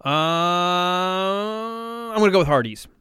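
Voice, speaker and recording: A married man on a radio show, guessing old ad slogans with jokes and quick acted-out lines. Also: high-pitched, lively intonation, pushed and bright, clear, resonant tone, no echo, clean studio sound. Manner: jokey, laughs often, acts out ad lines. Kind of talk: casual radio quiz chat.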